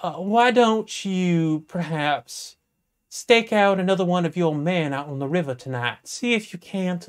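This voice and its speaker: A live comedian voicing a formal police sergeant who muses slowly over a case. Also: medium pitch, close to an everyday voice. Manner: slow, musing, formal. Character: slow, pompous police sergeant.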